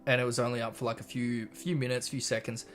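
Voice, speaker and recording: A man's voice: medium pitch, flat delivery, quick pace, soft background music. Chatty Australian man streaming live. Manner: chatty, reads chat messages aloud and rambles through anecdotes. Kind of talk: casual live stream chat.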